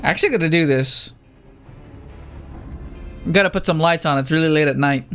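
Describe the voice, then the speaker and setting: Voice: mid-range voice, moderate pace, fairly bright tone, smooth, faint music behind. A let's play host chatting casually while playing a game. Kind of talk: casual gameplay commentary.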